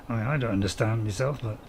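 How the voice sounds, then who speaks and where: A man's voice: fairly low pitch, vocal fry, darkish tone, slight background noise. A man, casually commenting on a farming game while streaming and chatting to viewers in a rambling, self-mocking way.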